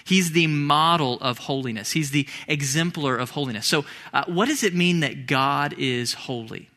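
A man preaching a sermon as a pastor in church, explaining scripture earnestly and slowing down for emphasis when he reads passages aloud. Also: a little high, sharp tone.

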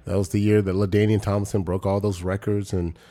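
40s guy, ex football player, low voice, tells stories animated, does the voices. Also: fast. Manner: animated, acts out quoted voices with big pitch jumps. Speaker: former pro football player, podcast guest. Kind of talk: casual storytelling chat.

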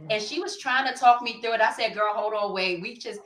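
A woman's voice: a little high, brisk, reverberant, rough recording. A woman co-hosting a podcast, telling a playful story in casual chat. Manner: expressive, playful, laughs while telling. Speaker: podcast co-host.

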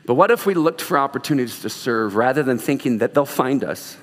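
A man's voice: mid-range voice, lively intonation, a little fast, long reverb tail. A male pastor preaching a sermon in a church, earnest with humorous asides, then leading a closing prayer. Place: church sanctuary.

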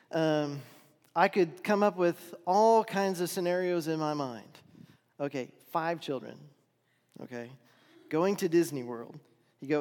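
A man's voice: a little high, darkish tone. A middle-aged man preaching a sermon as a pastor, talking in an earnest, conversational way and asking the congregation rhetorical questions. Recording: long hall reverb.

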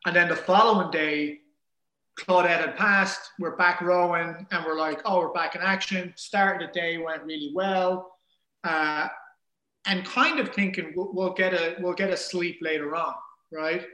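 A man casually telling a story in an animated way, acting out the things people said. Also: high-pitched, measured pace. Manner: animated, acts out quoted dialogue. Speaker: guest telling an ocean rowing story. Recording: roomy echo.

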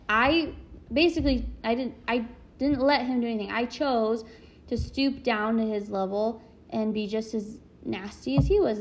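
There's a little hiss or hum as a young adult woman, her voice a bit high and a bit mellow, chats about parenting. She's candid and self-reflective, and her casual monologue is full of "like."

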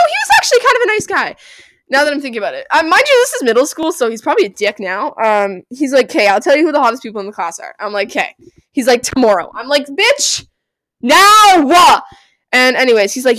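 A young woman hosting a casual solo podcast, rambling and giggly, breaking into squeals and yells. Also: fairly high pitch, dry recording. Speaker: podcast host.

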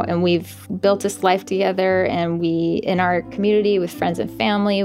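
A woman's voice: on the low side, creaky, a little mellow. A woman singer-songwriter telling a personal story in an interview, candid and laughing at herself.

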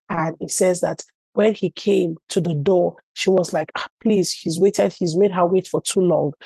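Woman pastor, husky, dry sound, chatty storytelling sermon full of asides. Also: fairly low pitch, dark tone, no echo, rough recording. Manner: storytelling, many "you know" asides. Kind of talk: conversational preaching.

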